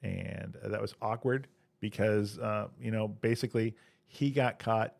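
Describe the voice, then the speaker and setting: A man with a low, gravelly voice co-hosts a comedy podcast. He spins long setup jokes at an easy pace and slips in quick puns, with fry scraping along the ends of his phrases. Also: fairly even intonation, a little mellow, dry recording. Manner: joke-teller with punny quips. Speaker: podcast co-host. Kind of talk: casual comedic joke-telling.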